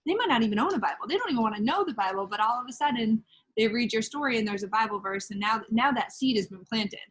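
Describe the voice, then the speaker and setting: A woman hosting a casual chat about faith, telling stories in an animated way with quoted asides. Her voice is somewhat husky and sits a little high. She laughs often and shifts into voices for the people she quotes. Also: fast talker, poor audio. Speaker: podcast host.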